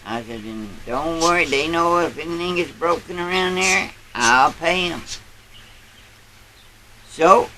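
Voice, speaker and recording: Guy doing a bragging old grandpa, slow easy drawl, bright kinda high voice. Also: a little hiss or hum, low-quality recording. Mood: folksy. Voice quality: folksy drawl, rambling. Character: boastful old country grandpa spinning tall tales. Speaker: storyteller. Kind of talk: character storytelling.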